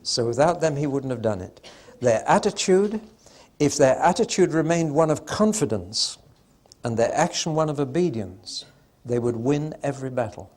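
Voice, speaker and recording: A man's voice: medium pitch, lively intonation, moderate pace, a little mellow. A man giving a Bible teaching talk to an audience, emphatic and conversational with dry humor, swelling suddenly on stressed words and drawing them out.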